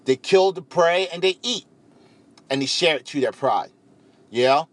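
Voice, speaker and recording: Animated man from the Caribbean. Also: on the high side, moderate pace, dry recording. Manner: rambling, animated, peppered with "you know". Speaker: vegan speaker. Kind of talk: casual talk to camera.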